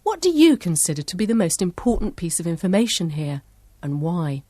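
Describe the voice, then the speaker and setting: A woman narrating an educational lesson in a clear, measured voice. She sits low in her range but moves her pitch around a lot. The sound is close and dry. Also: very animated, dark tone, no echo. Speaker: course narrator.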